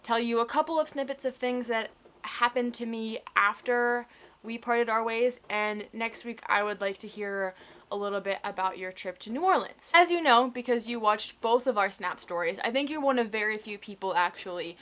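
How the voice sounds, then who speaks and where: A woman's voice: a little high, moderate pace, a bit bright. Chatty young woman vlogging. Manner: chatty storytelling with many likes and restarts. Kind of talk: casual video diary.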